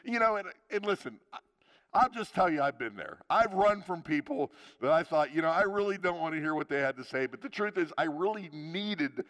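Animated older male pastor telling stories. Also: a little high, brisk, big-room sound. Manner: animated storytelling with acted quotes and laughter. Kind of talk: sermon.

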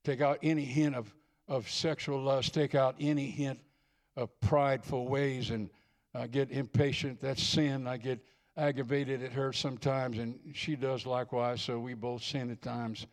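An older man, a visiting preacher, gives a sermon in church with a steady, mid-range voice at normal speed. Folksy and earnest, he ministers to the congregation and repeats phrases to drive them home.

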